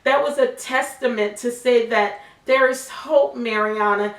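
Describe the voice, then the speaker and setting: A woman's voice: fairly high pitch, unhurried. A middle-aged woman sharing an emotional, faith-filled testimony as a mother, in earnest personal talk. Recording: roomy sound from a distant mic.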